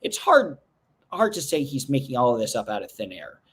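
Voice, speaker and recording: A man's voice: mid-range voice, big pitch swings, fast, breathy edge. A man hosting a casual livestream, rambling through viewer comments with restarts and joking asides. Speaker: livestream host. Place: indoors at home.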